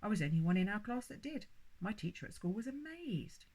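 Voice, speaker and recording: A woman's voice: medium pitch, big pitch swings, brisk, darkish tone, pitched above the performer's own voice. A woman voicing an earnest, worried little girl in a storybook reading. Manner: anxious, tearful, earnest.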